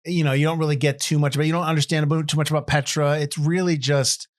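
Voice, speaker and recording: A man co-hosting a casual film review podcast, rambling and getting animated as he argues his points. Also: a little high, quick pace, no room sound, studio quality. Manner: rambling, animated when ranting.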